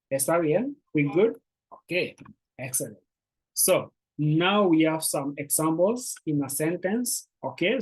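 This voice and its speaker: A language teacher giving a beginner lesson, patiently repeating words slowly and encouraging the learners. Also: medium pitch, a little mellow, low-quality recording.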